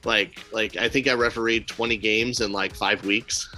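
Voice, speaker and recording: A man's voice: lowish voice, moderate pace, faint music behind. A man co-hosting a casual podcast, telling stories with acted-out quotes and blunt, swearing asides. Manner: animated storyteller, acts out quotes. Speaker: podcast co-host. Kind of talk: casual chat.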